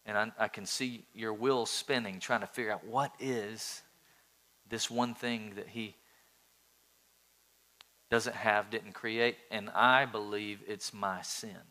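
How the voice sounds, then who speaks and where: A man preaching a sermon as a pastor, animated, with jokey asides and quick impressions of churchgoers. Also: lowish voice.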